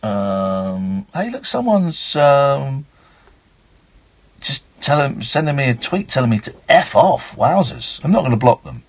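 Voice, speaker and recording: Husky-voiced radio host, animated. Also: male voice, mid-range voice, a little slow. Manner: reads a book aloud with playful asides and mock outbursts. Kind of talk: late-night radio reading and chat. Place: radio studio. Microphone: studio microphone.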